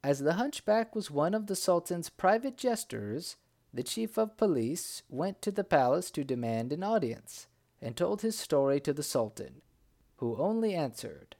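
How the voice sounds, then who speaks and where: Male narrator, storybook reading, animated pitch, expressive delivery. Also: normal speed. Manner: lively, acts out the characters' cries.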